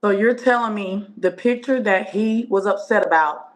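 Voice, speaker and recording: A woman's voice: medium pitch, moderate pace, poor audio. A woman hosting and interviewing, cutting in with probing questions. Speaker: host.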